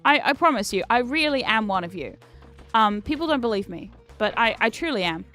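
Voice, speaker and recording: A young British-born woman hosts a game stream as a VTuber, chatting casually through the gameplay, swearing, and breaking into bursts of frustrated shouting. Her voice sits on the high side, expressive and brisk, over soft background music.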